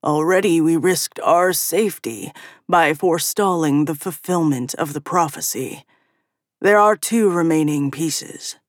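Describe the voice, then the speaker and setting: Brief: a woman as a gravelly, cold old councillor, slow and distrustful. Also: low-pitched, dry recording, clean studio sound. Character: hostile ancient male councillor.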